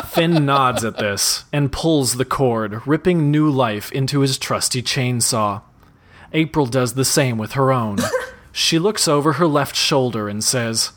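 A man's voice: mid-range voice, measured pace, a bit bright. Man giggling through a parody reading. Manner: amused, often breaking into laughter. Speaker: reader. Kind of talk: comic reading of a parody story.

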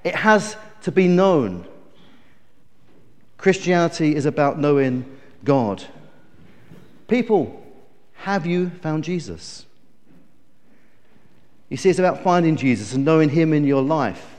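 Preacher with a long church echo. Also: male voice, fairly high pitch, very animated, measured pace, pauses often, a little mellow. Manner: storytelling, emphatic, self-correcting. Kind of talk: sermon.

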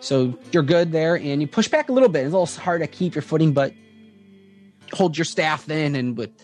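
A man narrating as game master of a tabletop game, describing scenes in a halting way with many fillers. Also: a little high, expressive, darkish tone, faint music behind.

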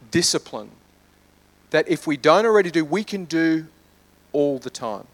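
Pastor guy preaching, fairly high voice, gets loud then goes real quiet to pray. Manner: animated, swings from loud urging to hushed prayer. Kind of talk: sermon.

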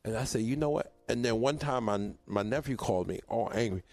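A man co-hosting a podcast in casual chat, an animated storyteller who acts out his relatives' lines. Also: mid-range voice, fairly quick. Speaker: podcast co-host.

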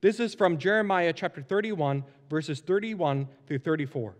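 A man in his thirties, a pastor preaching a sermon into a microphone, animated and playful as he acts out family stories. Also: on the high side, normal speed. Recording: long hall reverb.

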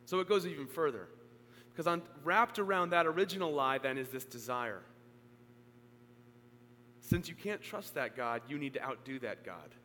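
A male pastor preaching a sermon to a congregation. He speaks earnestly, rising to emphatic peaks and then dropping low. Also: expressive, normal speed, sharp tone. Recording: long hall reverb, faint hum.

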